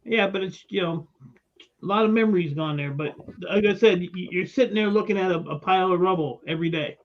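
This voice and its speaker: A man's voice: high-pitched, brisk, highs cut off. A man on a call, chatting bluntly and teasing the others. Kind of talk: casual chat.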